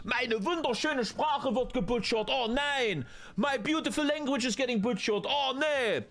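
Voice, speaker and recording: A man's voice: very high voice, unhurried, fairly bright tone, a little hiss or hum, voice pushed up, heavily acted. A man putting on the voice of a whiny, indignant small-town German man with a German accent. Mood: indignant whining.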